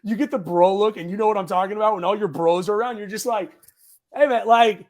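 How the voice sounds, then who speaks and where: A man's voice: sits high, steady tone, very fast, a little mellow. A young man hosting a casual chat, laid-back and jokey, full of "bro" and "like". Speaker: podcast host.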